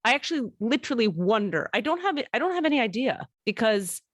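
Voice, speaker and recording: A woman's voice: fairly high pitch, very animated, fast talker, no echo. Chatty woman podcast host, dry close sound. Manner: chatty storyteller, swears, laughs often. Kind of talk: casual chat.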